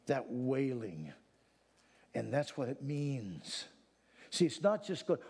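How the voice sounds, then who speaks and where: A man preaching a sermon. He swings from hushed, solemn passages to fervent near-shouting. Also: mid-range voice, expressive, takes it slowly, husky, big-room sound.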